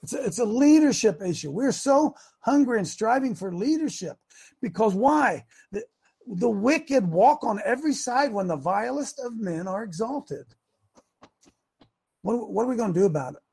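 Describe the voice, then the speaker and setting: A man hosting a talk show, giving a folksy, preachy monologue with many restarts that builds to shouting. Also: high voice, expressive, normal speed, gravelly, husky. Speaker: host.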